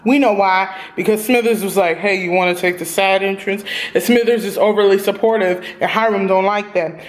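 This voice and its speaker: A woman reviewing a TV episode in a casual vlog, animated and profane, talking straight to her viewers. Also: medium pitch, brisk.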